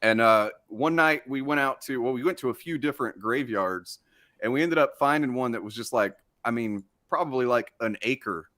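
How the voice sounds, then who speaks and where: A man's voice: medium pitch, normal speed, a bit bright, dry recording, studio quality. A young man from South Texas telling a story in a casual group chat, rambling and profane, with lots of fillers.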